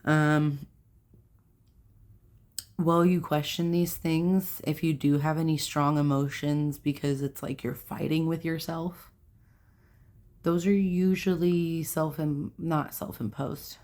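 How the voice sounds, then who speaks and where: A woman's voice: deep voice, steady tone, takes it slowly, darkish tone. A young adult woman hosting a self-help video, talking casually to camera in a rambling way, with fillers and self-corrections.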